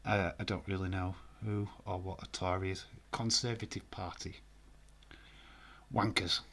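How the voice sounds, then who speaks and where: A man with a Yorkshire accent from northern England hosts a live stream, chatting in a jokey, laid-back way with lots of fillers and swearing. His voice sits low with little pitch movement, at a moderate pace, and there's a little hiss or hum.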